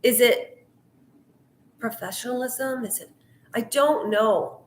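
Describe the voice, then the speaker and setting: A woman's voice: fairly high pitch, slow pace, echoey room. A middle-aged woman from Canada talking in a heated, earnest vlog monologue. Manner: heated, earnest, talks of her anger. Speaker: YouTuber.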